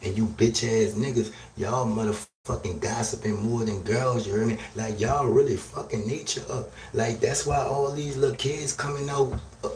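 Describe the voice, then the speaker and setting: A man hosting a live stream, delivering a loud, crude, rambling rant and checking in with "you hear me?". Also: medium pitch, fairly even intonation, moderate pace. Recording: roomy echo, distant from mic, faint noise.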